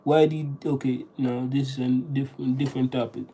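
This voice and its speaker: A person in a casual solo monologue, reading aloud and practicing vocabulary. They talk haltingly, restarting often and sounding out words while thinking aloud. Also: mid-range voice, flat delivery, mellow, husky, low-quality recording.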